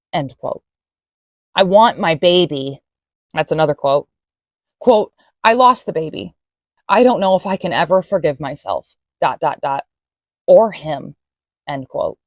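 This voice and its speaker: A woman's voice: sits low, expressive, unhurried, long pauses, no echo, clean studio sound. A woman reading quoted lines and commenting on them in an earnest, emphatic way.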